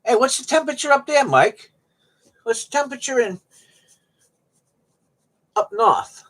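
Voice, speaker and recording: At home on a cold day, a middle-aged streamer rambles to viewers in a high voice with lively intonation, a little slow and a bit bright. It's casual, folksy talk sprinkled with jokes.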